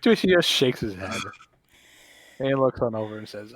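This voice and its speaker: A man's voice: on the low side, sing-song, fairly quick, dry recording. Laid-back male game master. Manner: laid-back, hesitant narration with many fillers. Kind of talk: narrating a tabletop game.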